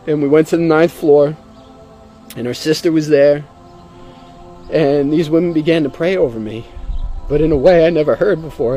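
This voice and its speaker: A man's voice: fairly high pitch, mellow. A man telling his own conversion story in an earnest, emotional way. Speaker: testimony speaker. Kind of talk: personal testimony.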